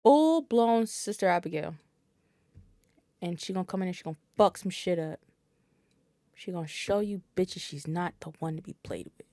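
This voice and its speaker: A woman's voice: on the low side, expressive, normal speed, pauses often, dark tone, no room sound, clean studio sound. A woman guest on a podcast, talking casually and bluntly, swearing freely and dropping fillers. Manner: blunt and profane, with frequent fillers.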